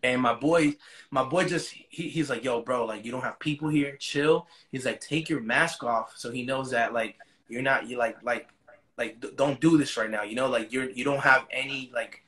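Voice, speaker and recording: A man's voice: medium pitch, moderate pace, sharp tone. A man as an interview guest, retelling a story in casual, profane slang.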